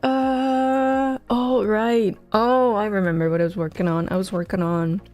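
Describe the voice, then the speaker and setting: A game dev streamer codes live, her mid-range, darkish voice fairly even in intonation and moderate in pace. Faint music sits behind her casual chat, which is scattered and self-mocking, and she sounds tired, speaking close into a headset mic.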